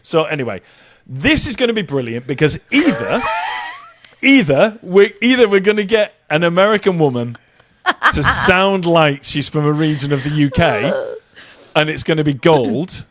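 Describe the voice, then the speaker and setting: A man's voice: a little high, animated, moderate pace, fairly bright tone, dry recording. A man from the UK co-hosting a podcast, bantering casually and laughing often. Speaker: podcast co-host.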